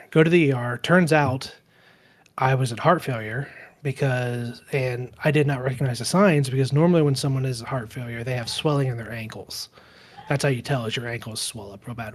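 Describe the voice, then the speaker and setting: A man around forty, co-hosting a relaxed podcast. He tells his story in a loose, rambling way, stops to correct himself, and briefly takes on the voices of people in his story. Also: medium pitch. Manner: rambling, self-correcting storyteller who acts out quoted dialogue. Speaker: podcast co-host. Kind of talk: casual storytelling chat.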